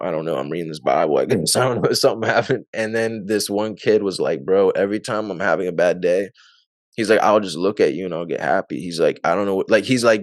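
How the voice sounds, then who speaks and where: A man with a fairly low voice, recorded in a clean studio with no echo, talks about his life as an interview guest. His casual testimony rambles, full of fillers, and he laughs often.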